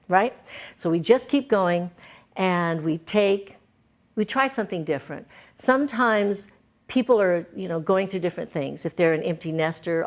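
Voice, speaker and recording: A woman interview guest talking earnestly and encouragingly, often checking in with "right?". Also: lowish voice. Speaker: guest, singer-songwriter and author. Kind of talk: candid interview conversation.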